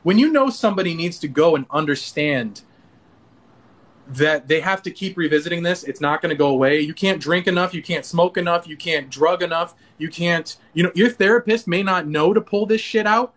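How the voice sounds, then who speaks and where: Male interview guest with a high voice, earnest, animated self-talk, frequent restarts. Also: normal speed. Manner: earnest, animated, acts out inner dialogue with many restarts.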